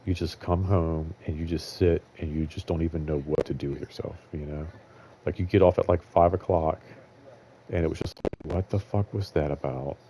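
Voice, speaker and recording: A man's voice: low voice, fairly even intonation, normal speed, mellow, a little hiss or hum. A young man hosting his own show, talking in a loose, rambling way, full of fillers and blunt swearing. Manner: rambling, filler-heavy, candid and profane. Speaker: show host. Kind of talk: casual rambling monologue.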